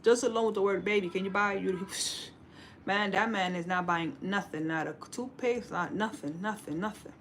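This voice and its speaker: 40s woman, sassy streamer type, calls everyone baby, mid pitch, slight noise behind. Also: moderate pace. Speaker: livestream host. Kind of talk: casual relationship advice to live viewers.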